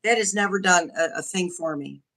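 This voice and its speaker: A woman's voice: lowish voice, brisk, bright, forceful tone. A woman joining a casual livestream chat by video call, speaking frankly and openly with frequent restarts. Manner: candid, frank, restarts often. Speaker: guest.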